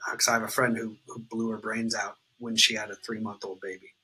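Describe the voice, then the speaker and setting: A man's voice: on the low side, flat delivery, fairly quick, sharp tone, a little hiss or hum, poor audio. A man, candidly telling his recovery story in an interview, swearing freely and filling with "like" and "um". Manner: raw, unfiltered, swears freely, many fillers like "like" and "um".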